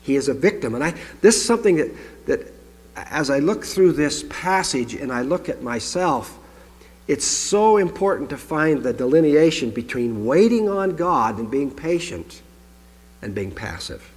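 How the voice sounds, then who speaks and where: Male pastor, lively preaching delivery, scripture reading with asides, long hall reverb. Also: a little high, normal speed. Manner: conversational teaching, reading scripture aloud with asides. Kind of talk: sermon. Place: congregation hall.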